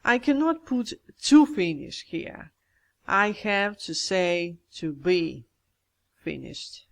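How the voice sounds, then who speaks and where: A teacher walks through a grammar exercise at an unhurried, deliberate pace. Each step is thought through aloud, with small self-corrections along the way. The voice sits in a middle pitch. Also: sing-song, gravelly, a bit bright. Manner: methodical, talks through each step aloud, addresses viewers as guys.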